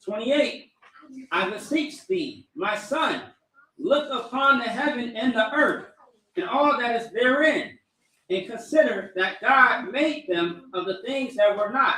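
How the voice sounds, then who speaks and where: A man reading scripture aloud in a measured, deliberate way. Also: very high voice, expressive, pushed and bright, echoey room, recorded from a distance, low-quality recording. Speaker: scripture reader.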